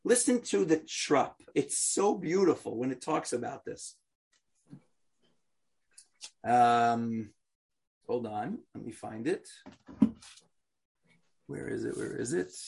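A man teaching a scripture class, chatty and animated, joking in asides and chanting verses aloud. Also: mid-range voice, slow pace, gravelly, long pauses, breathy edge.

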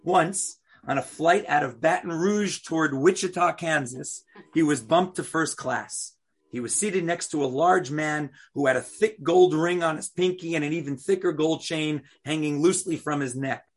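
A man teaching a Torah class, asking his students questions and telling a story in an animated way. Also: a little high, normal speed.

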